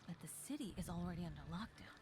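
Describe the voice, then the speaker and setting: A woman's voice: lowish voice, lively intonation, quick pace, noisy background, close to an everyday voice. An actress playing an anxious townswoman in a video game. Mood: worried. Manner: anxious questioning.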